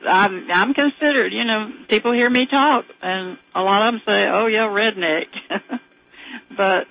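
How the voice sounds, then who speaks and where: A woman's voice: medium pitch, unhurried. An older woman with a thick Southern American accent calls in to a radio show and tells a wandering story, laughing between thoughts. Her voice comes through dull and muffled, like a phone-in on the air. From southern United States. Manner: rambling storyteller, laughs often. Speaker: caller. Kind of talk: casual phone-in chat.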